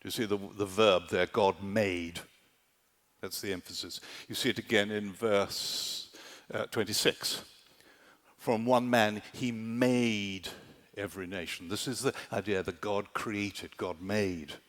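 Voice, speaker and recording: A man preaching a sermon at a summer camp, animated and rhetorical, often checking in with "do you see?". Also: lowish voice, measured pace, long reverb tail. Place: large conference hall at a summer camp.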